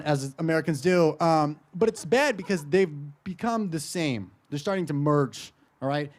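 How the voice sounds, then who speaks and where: Brash young comedian, crude and loud. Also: male voice, a little high. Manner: brash, crude, laughs at own jokes. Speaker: stand-up comedian. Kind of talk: stand-up comedy. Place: live comedy stage.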